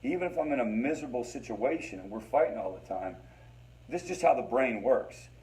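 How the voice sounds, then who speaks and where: A man of middle pitch leads a support group in a loose, conversational teaching style. He repeats himself for emphasis and keeps checking in with the listeners. His delivery is informal and unscripted. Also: lively intonation, a little fast, darkish tone, low-quality recording. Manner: conversational, repeats phrases, addresses listeners as guys. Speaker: recovery group facilitator.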